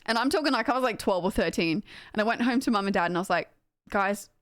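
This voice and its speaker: A woman's voice: medium pitch, lively intonation, rapid-fire. A young woman, livestreaming and chatting casually with her viewers, rambling with lots of fillers and laughter. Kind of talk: casual chat with stream chat.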